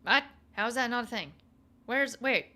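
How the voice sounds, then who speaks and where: Woman, young adult, gameplay streamer, chatty and teasing, voice a bit high. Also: animated, normal speed, sharp tone. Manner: chatty and playful, thinking aloud, teasing back at chat. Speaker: game streamer. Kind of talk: casual gameplay commentary to a live chat.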